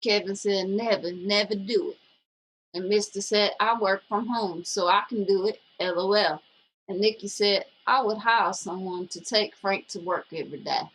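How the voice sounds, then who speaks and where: A woman's voice: medium pitch, normal speed, a bit bright, slight background noise, low-quality recording. A woman co-hosting a casual show, bluntly reading viewer comments aloud and teasing her co-host.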